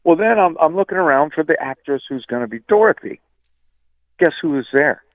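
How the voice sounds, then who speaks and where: A man guesting on a radio show, telling an animated, profane story and saying "dude" a lot. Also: on the high side, fairly quick, no echo. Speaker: guest musician. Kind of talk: casual storytelling. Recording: tinny phone line, dry.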